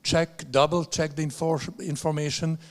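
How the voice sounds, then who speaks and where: A man moderating a press conference, polite and a little halting. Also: on the high side, steady tone. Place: press club conference room. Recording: echoey hall.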